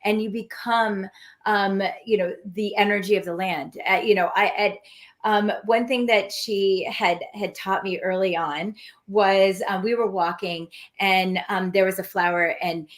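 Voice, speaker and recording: A woman hosting a casual panel chat on a video call, emotional and halting, with many fillers and restarts. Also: medium pitch, steady tone.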